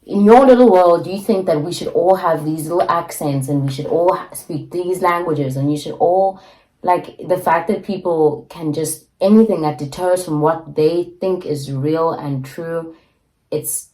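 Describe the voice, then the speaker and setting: A woman's voice: on the low side, unhurried, warm tone. A young woman co-hosting a podcast in casual chat, reflective, repeating phrases as she searches for words. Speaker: podcast co-host. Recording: echoey room.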